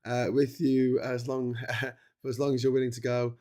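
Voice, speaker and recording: A man's voice: mid-range voice, flat delivery, moderate pace, warm tone. A middle-aged man hosting a long solo livestream, tired and chatting in a rambling, self-interrupting way. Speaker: livestream host. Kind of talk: casual livestream chat. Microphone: streaming setup mic.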